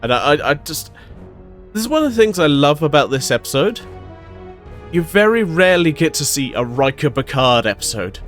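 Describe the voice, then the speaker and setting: A man's voice: a little high, very animated, normal speed, a bit bright, faint music behind. Rambling, swearing man recapping an episode. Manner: rambling, profane, many fillers and restarts. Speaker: episode reviewer. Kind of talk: casual solo episode recap.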